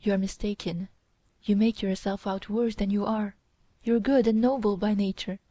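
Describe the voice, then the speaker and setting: A woman's voice: medium pitch, fairly even intonation, normal speed, dark tone, no room sound, lightly acted. A woman voicing a pleading, lovesick young man in an audiobook, speaking emotionally. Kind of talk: audiobook character reading.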